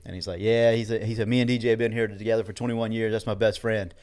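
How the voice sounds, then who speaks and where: A man's voice: lowish voice, flat delivery, quick pace, darkish tone. A middle-aged man, rambling through a story and quoting others as he co-hosts a casual chat show. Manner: rambling, quotes others in dialogue. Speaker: co-host.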